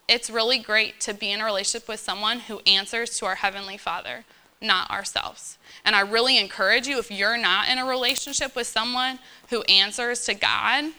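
A woman's voice: mid-range voice, pushed and bright, clean tone. A woman in her thirties giving an informal church talk, chatty and earnest, full of fillers and checking in with "okay?". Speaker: church speaker. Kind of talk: informal sermon to young believers.

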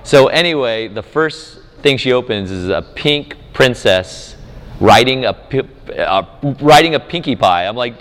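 The long reverb of an echoey conference hall carries this sermon, where a man, a conference speaker and campus minister, tells a family story. His voice is medium-pitched and a little slow, and he livens the tale by acting out his small daughter's lines.

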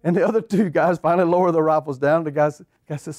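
Folksy preacher, fairly high voice. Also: male voice, quick pace, dry recording, clean studio sound. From eastern Oklahoma. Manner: animated, drawls folksy phrases, rhetorical questions to the congregation. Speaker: pastor. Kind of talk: sermon storytelling.

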